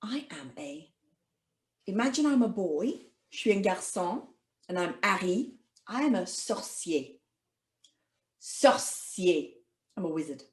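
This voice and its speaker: A woman's voice: medium pitch, very animated, moderate pace, reverberant. A woman teaching an online French lesson to children in a cheerful, sing-song manner. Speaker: language teacher.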